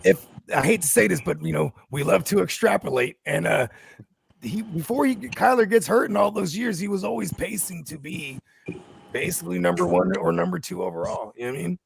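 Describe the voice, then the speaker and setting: Gravelly man in loose chat. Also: high-pitched, expressive, a little fast, dry recording. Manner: loose, joking, slangy. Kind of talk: casual sports chat.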